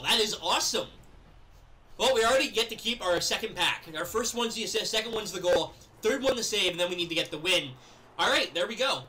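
Excitable young man narrating gameplay. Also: sits high, fairly quick. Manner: excitable, yells and laughs at plays. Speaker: gaming video creator. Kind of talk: live gameplay commentary.

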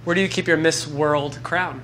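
A man asking brisk, upbeat quick-fire interview questions, laughing easily. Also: a little high, fairly even intonation, a bit bright, slight background noise.

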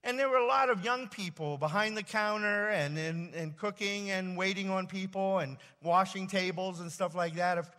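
A man preaches from a church sanctuary, telling a personal story with plenty of fillers and restarts. His voice sits a little high, and it trails off into a long reverb from the hall around him. The delivery is loose and conversational rather than polished. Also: pushed and bright. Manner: halting, rambling storyteller with many fillers and restarts. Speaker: pastor. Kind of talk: storytelling sermon.

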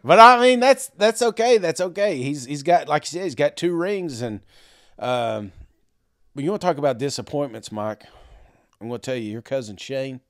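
A man's voice: medium pitch, normal speed, darkish tone, dry recording, studio quality. A man co-hosting a casual college football podcast, joking and ribbing his partner. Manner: joking, laughs often, teasing. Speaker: podcast co-host. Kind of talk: casual sports chat.

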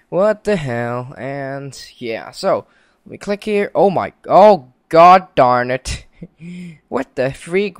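A young man casually commentating his own gameplay, excitable and quick to exclaim and laugh. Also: medium pitch, clear, resonant tone, no echo, clean studio sound. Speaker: gaming channel host.

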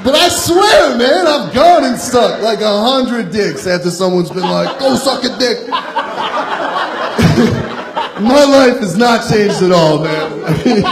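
On a comedy club stage, a young stand-up comic from Long Island, New York, delivers a profane, self-deprecating set, laughing between jokes. His voice sits high, with lively intonation and an unhurried pace. The club is roomy, and loud audience laughter fills the background.

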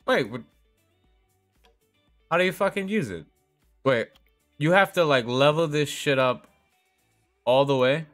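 A man's voice: on the high side, measured pace, long pauses, a bit bright, soft background music. A young man live-streaming a game, chatting casually with viewers, swearing often, rambling and laughing.

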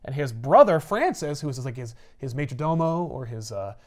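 A man co-hosting a casual comics chat, recapping a story and acting out the characters' lines. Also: medium pitch. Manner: animated, acts out characters' lines in quick voices. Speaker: comics podcast co-host.

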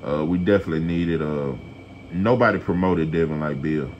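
Low-voiced man, blunt rambling rant, faint hiss behind. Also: fairly quick, a little mellow, dull audio. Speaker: boxing commentator. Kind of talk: casual opinion rant to camera.

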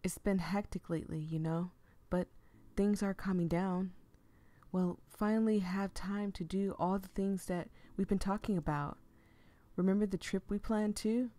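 A woman's voice: medium pitch, steady tone, moderate pace, warm tone, no room sound, close to an everyday voice. A woman voicing an affectionate young man from a visual novel who talks casually and makes easy promises. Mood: reassuring. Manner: casual, reassuring.

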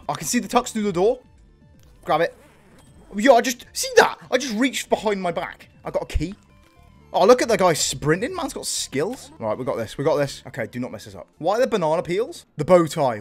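A young British man giving excitable let's play commentary, swearing and calling his viewers boys and bro. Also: on the high side. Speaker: gaming youtuber.

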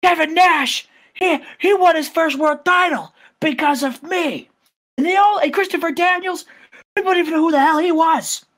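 A man's voice: normal speed, fairly bright tone. A man voicing an arrogant male wrestler who rants bitterly about his peers. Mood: ranting. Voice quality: high, strained ranting.

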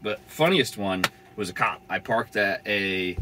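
A man's voice: on the low side, animated, measured pace, noisy background. A young man telling a van-life story in a casual, rambling way, full of fillers and swearing. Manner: rambling, laid-back, swears freely, many "like" fillers.

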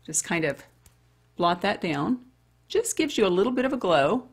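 A woman's voice: medium pitch, sing-song, normal speed, creaky, slightly rough. A woman over fifty chatting her way through a makeup tutorial and talking straight to women viewers. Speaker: beauty vlogger. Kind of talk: casual makeup tutorial chat.

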